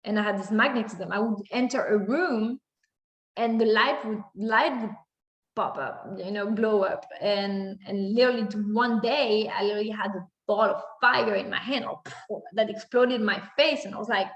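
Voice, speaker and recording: A woman's voice: medium pitch, moderate pace, lo-fi sound. A woman in her thirties telling a personal story in a monologue, acting out her own reactions with many fillers. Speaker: spiritual content creator. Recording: echoey room.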